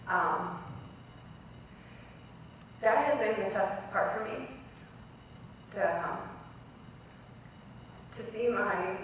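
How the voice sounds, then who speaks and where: A woman's voice: mid-range voice, drawn-out words, long pauses, fairly bright tone, slight background noise. A young woman giving a personal speech as a guest speaker, telling her story earnestly and acting out quoted dialogue. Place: college event hall. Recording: very echoey hall recorded from far off.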